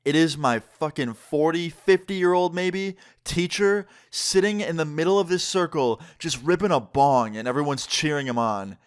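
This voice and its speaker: A young adult man telling a casual storytime vlog, recounting events in an excitable, chatty way with lots of "like". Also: fairly high pitch, moderate pace, few pauses, smooth. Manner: casual, excitable retelling with frequent "like". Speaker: vlogger.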